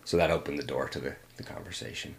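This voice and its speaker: A middle-aged man with a very deep, low voice, from Northern California. He talks reflectively in an interview, often pausing and restarting his thoughts. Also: steady tone.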